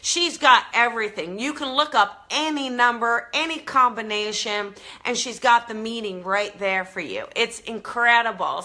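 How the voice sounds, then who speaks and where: A woman's voice: medium pitch, pushed and bright. A woman with a New Jersey accent, hosting a live-streamed talk show, chatty and earnest with many fillers and restarts. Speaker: spiritual show host. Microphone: live stream camera mic.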